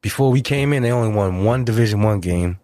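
A middle-aged man telling a story in casual, slangy, profane talk, acting out quotes with big jumps in his voice. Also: fast talker. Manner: animated, acts out quotes with big pitch jumps. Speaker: guest.

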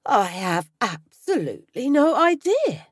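A woman's voice: on the high side, big pitch swings, a little slow, dry recording, clean studio sound. A woman doing a flustered, stammering politician. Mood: defiant. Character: nervous, stammering male politician. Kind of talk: storybook reading.

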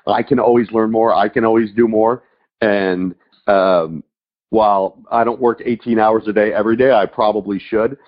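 Low-voiced enthusiastic podcast host man. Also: steady tone, normal speed, highs cut off. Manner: enthusiastic, rambling questions. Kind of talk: podcast interview.

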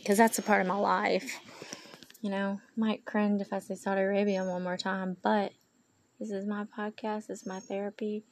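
Gravelly, emotional woman podcasting outdoors. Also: medium pitch, flat delivery, moderate pace. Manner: emotional, rambling, Valley Girl-ish. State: tired. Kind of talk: confessional podcast monologue. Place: outdoors in a yard at night. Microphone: handheld phone while pacing.

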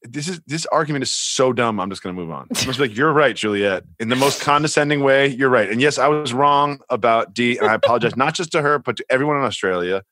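A man co-hosting a podcast in casual chat, animated, sarcastic and rambling. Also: mid-range voice, fast, hardly any pauses, dry recording. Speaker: podcast co-host.

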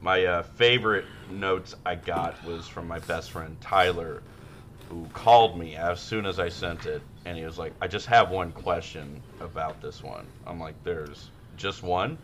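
A man co-hosting a podcast in casual chat, rowdy and profane, who shouts when acting out his stories. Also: low-pitched, steady tone, normal speed, slight background noise. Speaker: podcast co-host.

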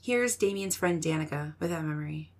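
A woman hosting a podcast, giving measured, scripted true-crime narration. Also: low-pitched, lively intonation, noisy background.

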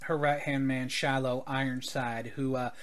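A man's voice: mid-range voice, level tone, close to an everyday voice. A man playing a sardonic male guide. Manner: measured, sarcastic.

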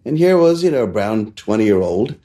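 A middle-aged man from India, a chef and restaurant owner, telling stories in a casual interview, acting out quotes in a raised voice and laughing between lines. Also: moderate pace. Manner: animated storyteller who acts out quotes in a higher voice and laughs between lines.

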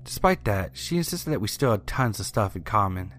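A man narrating a first-person horror story in a steady, even storytelling manner. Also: lowish voice, a little fast. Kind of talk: scripted narration. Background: faint music.

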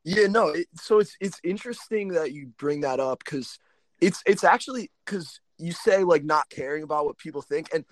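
A young college student guest, talking casually with lots of restarts and fillers. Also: male voice, a little high, normal speed, dry recording. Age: young adult. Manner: hesitant, many restarts and likes. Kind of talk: casual podcast chat.

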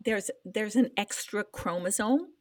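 A woman's voice: mid-range voice, a little slow, darkish tone, no echo. An older woman, a podcast co-host, telling an emotional personal story in casual chat, trying to hold back tears.

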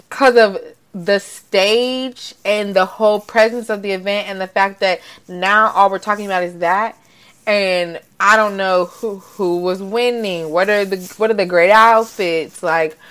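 A woman chatting casually, animated and profane, laughing often and acting out quotes. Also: mid-range voice, clear, resonant tone. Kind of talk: casual chat.

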